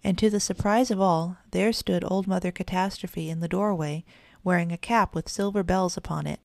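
A woman narrating a children's storybook in an even, measured reading. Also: fairly low pitch, creaky, no echo, clean studio sound.

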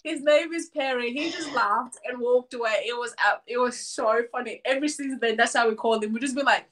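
A woman's voice: a little high, brisk, fairly bright tone, rough recording. A young woman from Cameroon, a guest on a casual online interview, who laughs often while telling stories.

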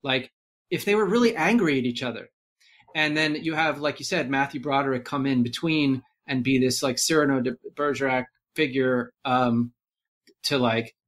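A man talking casually on a podcast, rambling and animated, full of fillers and restarts. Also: medium pitch, normal speed. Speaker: podcast guest. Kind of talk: casual movie discussion.

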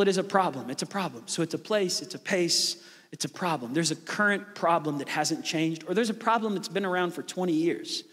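A middle-aged man preaching a sermon as a pastor, telling stories with quick asides and playful jokes. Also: fairly high pitch, a bit bright, husky. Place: large church hall. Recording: long hall reverb.

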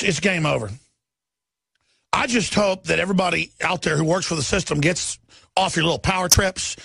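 Furious high-voiced man ranting and shouting. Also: creaky, breathy edge. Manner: furious, shouting, scornful tirades; repetitive hammering delivery. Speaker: talk radio host. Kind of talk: impassioned political rant.

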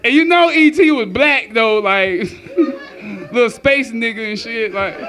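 A man's voice: very high voice, animated, slow pace, crowd noise. A man doing a crude, profane stand-up comedy set on a club stage, laughing at his own jokes.

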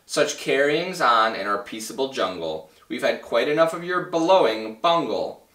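A man's voice: mid-range voice, expressive, moderate pace, fairly bright tone, close to an everyday voice. A man voicing a big, bossy female kangaroo in a children's storybook read-aloud, snapping and scolding. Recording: roomy, from a distance.

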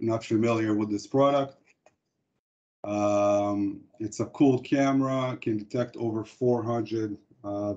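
A man presenting a corporate product webinar, speaking in a halting way with frequent hesitations. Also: mid-range voice, warm tone. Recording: dull lo-fi webinar audio.

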